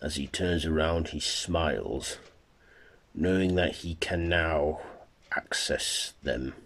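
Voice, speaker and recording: A man narrating an amateur horror fan story in a plain, halting way. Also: a bass voice, fairly bright tone. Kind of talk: amateur fan-fiction reading.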